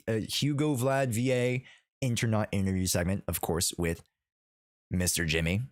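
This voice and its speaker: A man's voice: mid-range voice, no room sound, clean studio sound. A man hosting a livestream in casual, playful chat, rambling with many fillers. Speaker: streamer and host.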